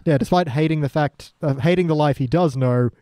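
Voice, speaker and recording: A man co-hosting a podcast, casually recapping scenes and slipping into quick character impressions. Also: on the high side, mellow, no room sound, studio quality. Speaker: podcast co-host.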